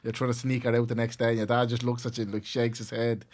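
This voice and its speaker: A man's voice: medium pitch, fast. An Irish man recounts a story at an easy pace in a mid-range voice. His talk is loose and chatty and full of filler words. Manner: relaxed storyteller, uses lots of "like". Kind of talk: casual chat.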